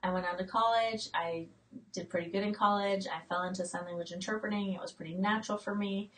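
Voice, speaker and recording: A woman's voice: medium pitch, fairly even intonation, quick pace, a bit bright. Chatty woman in her late 40s, slightly distant. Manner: chatty, reads out viewer comments, frequent fillers and restarts. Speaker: homestead channel host. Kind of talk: casual live-stream chat.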